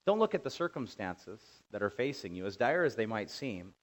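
A man's voice: lowish voice, sing-song, normal speed. Man preaching with dramatic swings. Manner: dramatic preaching, acting out voices and building to loud commands. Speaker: pastor. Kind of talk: sermon.

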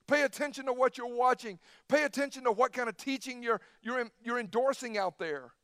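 A man preaching a sermon in an emphatic style, switching between loud bursts and quiet, hushed asides. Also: extremely high pitch, a little fast, clean tone, no echo, studio quality. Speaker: pastor.

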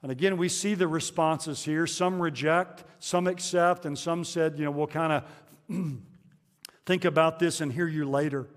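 A man preaching a conversational sermon to his congregation, pausing with fillers and restarting phrases. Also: a little high, fairly even intonation, in a large hall. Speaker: pastor.

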